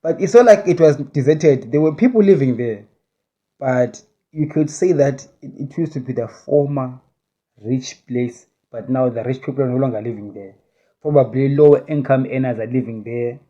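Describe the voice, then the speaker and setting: A man's voice: medium pitch, normal speed, mellow, dull audio. A man recounting a vision in a casual spoken monologue, rambling and hedging as he talks. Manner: rambling, with many restarts and hedges.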